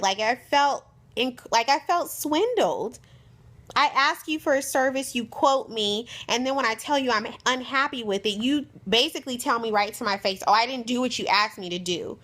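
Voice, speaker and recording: A woman's voice: on the high side, moderate pace. A young woman vlogger telling a frustrated story in a casual, exasperated way, acting out the other people's lines as she goes. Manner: exasperated, animated, retells exchanges in quoted voices.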